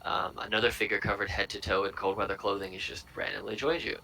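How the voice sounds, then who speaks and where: Man with a bright voice running a game. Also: on the low side, quick pace, gravelly, slight background noise, rough recording. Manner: relaxed, rambling narration with fillers. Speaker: dungeon master. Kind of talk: narrating a tabletop game.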